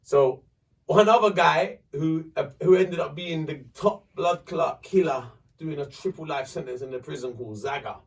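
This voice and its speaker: A man, hosting a podcast and telling a story in a lively, profane way. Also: a little high, normal speed, vocal fry, recorded from a distance. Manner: animated, swearing, acts out voices in his story. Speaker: podcast host. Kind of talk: casual storytelling.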